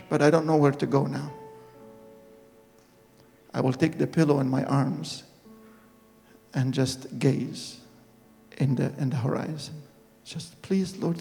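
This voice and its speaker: A man preaching a personal testimony sermon, telling his story in an earnest, halting way and re-enacting moments dramatically. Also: fairly high pitch, gravelly, dark tone. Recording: reverberant hall with faint music.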